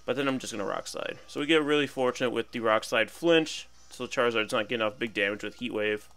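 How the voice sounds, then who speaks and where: A man's voice: medium pitch, fast talker, a bit bright. A young man casually commentating his own battle game, chatty and playful, thinking aloud about each move. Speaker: gaming commentator.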